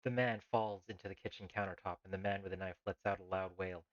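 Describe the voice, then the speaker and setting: A man with a lowish voice reads the game's story text aloud and then cuts in with his own reactions. The sound is dry and a little dull, like lo-fi stream audio from a desk mic. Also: fairly even intonation, quick pace, no echo. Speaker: streamer playing a text adventure. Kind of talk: live-streamed reading of a game story with commentary. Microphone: desk mic on a live stream.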